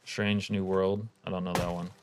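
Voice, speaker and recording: Male streamer, low voice, relaxed profane chat-reading banter. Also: moderate pace, noisy background. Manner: laid-back, profane, reads chat aloud. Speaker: game streamer. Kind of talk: casual live-stream commentary.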